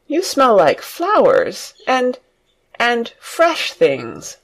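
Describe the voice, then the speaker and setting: A reader voicing a bedridden young boy, excited and curious. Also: mid-range voice, slow, pitched above the performer's own voice. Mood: joyous. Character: sickly boy, delighted and curious.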